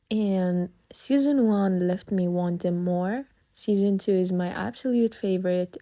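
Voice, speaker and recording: Slow, dark-voiced woman fan. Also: medium pitch, dry recording. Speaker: guest fan. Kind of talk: casual recorded answer.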